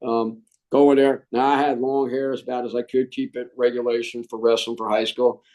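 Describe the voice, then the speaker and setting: Speaking casually to an interviewer, an American Marine veteran tells his story in an animated, loose way, with "man" popping up and frequent restarts. His pitch is medium and his speed normal, on a low-quality recording.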